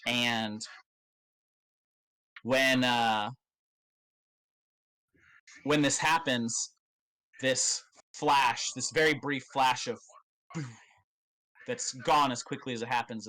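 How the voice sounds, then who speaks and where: A man narrating as game master of a tabletop game, in a loose, halting way with many fillers and casual swearing. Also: medium pitch, sharp tone, low-quality recording.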